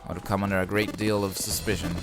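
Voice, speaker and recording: A man voicing a calm, smug man from a game, speaking in a low, measured, nerdy way. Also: over music, lightly acted.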